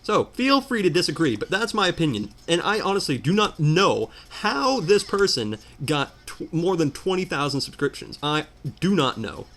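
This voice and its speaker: A man's voice: on the high side, big pitch swings, normal speed, fairly bright tone. A man ranting in exasperated commentary while playing a video game. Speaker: let's player. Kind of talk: ranting commentary over gameplay.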